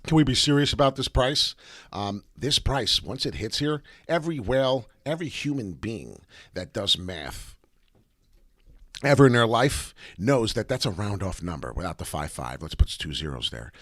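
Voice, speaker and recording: A man hosting a casual livestream of crypto chart commentary, rambling and swearing freely, with a slightly raspy voice this morning. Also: lowish voice, very animated, normal speed, fairly bright tone, no echo, studio quality. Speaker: crypto chart analyst host.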